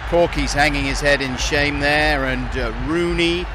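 A man hosting a comedy radio show, doing mock football commentary that builds into shouty excitement. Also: on the high side, unhurried, background noise.

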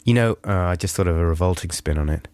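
A man's voice: low-pitched, quick pace, darkish tone, no room sound. A man co-hosting a radio show, joking around with a cold and a snotty voice. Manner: jokey, goes off on gross tangents. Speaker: radio co-host. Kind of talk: casual banter. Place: radio studio.

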